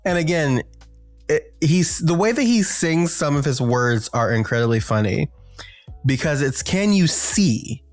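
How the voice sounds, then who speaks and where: A man's voice: on the high side, moderate pace, dry recording, faint music behind. A man co-hosting a podcast, chatting casually about an album with many fillers and bursts of sung lyrics. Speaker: podcast co-host. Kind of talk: casual music discussion.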